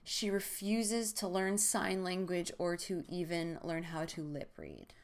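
A woman's voice: lowish voice, lively intonation, a little slow. A young woman hosting a comedic book-recap show, retelling the story with sarcastic jokes and asides. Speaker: podcast host.

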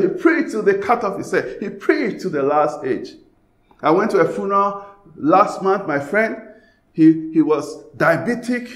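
A man from Ghana preaching a sermon as pastor, swinging between loud passionate bursts and hushed pleading. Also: fairly high pitch, sing-song, normal speed, reverberant.

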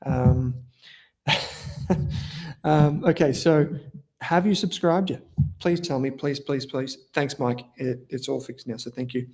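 A man's voice: mid-range voice, darkish tone. An Australian man hosting a casual investing livestream, chatting loosely with viewers, rambling and correcting himself as he goes. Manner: chatty, rambling, self-correcting, informal slang. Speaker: livestream host, investment analyst. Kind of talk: casual live-stream talk, reading viewer comments.

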